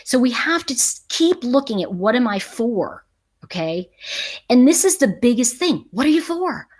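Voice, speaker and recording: A woman's voice: fairly high pitch, sing-song, moderate pace, darkish tone. A middle-aged woman talks to her viewers on a casual live stream. She speaks with emphasis and laughs often between her points. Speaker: livestream host.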